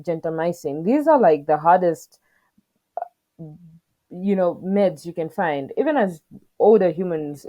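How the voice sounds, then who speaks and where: A young woman co-hosting a podcast tells a personal story with earnest feeling and quotes the exchanges. Her voice sits low and sounds warm and mellow. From southern Africa. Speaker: podcast co-host.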